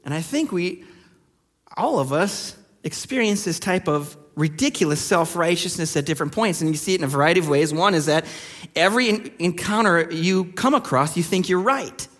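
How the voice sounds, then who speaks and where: A male pastor preaching a sermon in a relaxed, conversational way, telling stories with many fillers. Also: on the high side, moderate pace, long reverb tail.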